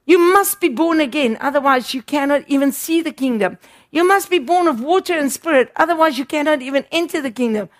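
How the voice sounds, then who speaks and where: A woman's voice: high voice, animated, fairly quick. A woman preaching a sermon, emphatic and repeating words for stress.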